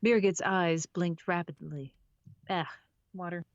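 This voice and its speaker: A woman's voice: fairly low pitch, steady tone, slow, lo-fi sound. A woman narrating a novel on a live stream, often stopping to re-read lines and laughing at her own slips. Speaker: audiobook narrator.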